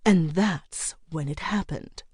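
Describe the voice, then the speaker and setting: A woman voicing a flamboyant, elegant widow in her early seventies in an audiobook, with a theatrical, drawn-out delivery. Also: deep voice, darkish tone, husky, no echo, clean studio sound, exaggerated voice. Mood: dramatic. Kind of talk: audiobook character reading.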